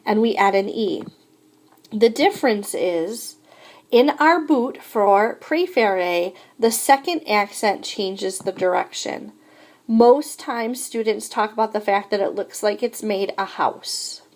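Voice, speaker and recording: A woman's voice: mid-range voice, lively intonation, slow, darkish tone. A woman teaching French in a recorded lesson, explaining verb endings patiently and modeling each conjugation aloud.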